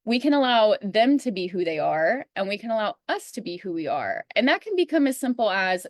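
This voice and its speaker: A woman's voice: medium pitch, big pitch swings, a little fast, hardly any pauses, no room sound, clean studio sound. A woman hosting an astrology reading, talking earnestly in a casual, coaching way with many "you know"s and "like"s. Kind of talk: casual spiritual talk.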